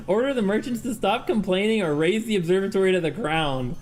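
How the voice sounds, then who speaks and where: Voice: mid-range voice, expressive, brisk, few pauses. A streamer chatting casually with viewers during a game, laughing often and reading game text aloud. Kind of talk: casual live-stream gameplay chat.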